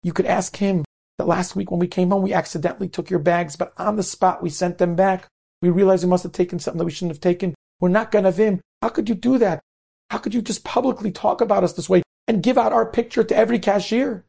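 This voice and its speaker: A man's voice: high voice, steady tone, quick pace, gravelly, dark tone, breathy edge, voice pushed up, exaggerated voice. A man voicing a distraught middle-aged mother who pleads and protests in a raised voice. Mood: pleading.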